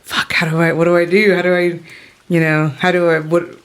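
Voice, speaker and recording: A woman's voice: fairly low pitch, little pitch movement, fairly quick, natural voice. A woman doing a flustered cursing captain. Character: nervous, swearing male captain, rambling to excuse himself.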